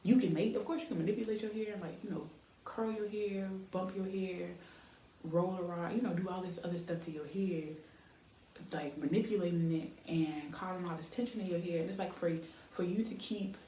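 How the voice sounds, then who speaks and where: A young woman chats in a rambling, easygoing way, full of fillers, while styling her hair for the camera. Her voice sits a little low and sounds mellow. The room around her is echoey with a faint hiss behind it. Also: a little fast. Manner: chatty, rambling, lots of fillers. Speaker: beauty vlogger.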